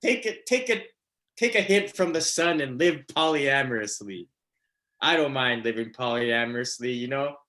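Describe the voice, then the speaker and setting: A man's voice: medium pitch, expressive, normal speed, bright, forceful tone. A man doing a stand-up comedy set, rambling with lots of fillers and laughing at his own jokes. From Canada.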